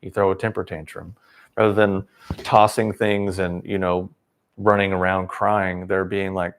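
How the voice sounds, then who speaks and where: A man's voice: low voice, level tone, unhurried. A man hosting a livestream, giving a rambling, sarcastic opinion monologue. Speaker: livestream host.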